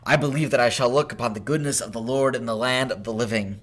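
A man reading psalms aloud in a measured, solemn way, rising on the lines of praise. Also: mid-range voice, fairly bright tone. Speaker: scripture reader. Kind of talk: scripted scripture reading.

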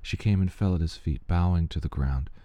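Male reader for scripture passages, low and very dark in tone, measured and steady, dry close sound. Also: no echo. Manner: measured, steady reading pace. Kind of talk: scripture reading.

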